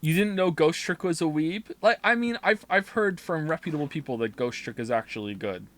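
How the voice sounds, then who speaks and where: A man's voice: on the high side, lively intonation, fairly quick, a bit bright. A man streaming a video game while reading chat, rambling, swearing and reacting with incredulous outbursts.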